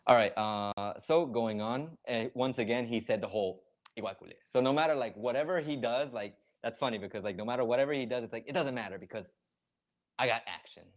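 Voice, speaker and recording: A man's voice: mid-range voice, fast talker. A man streaming live, chatting casually and explaining slang words step by step with lots of fillers.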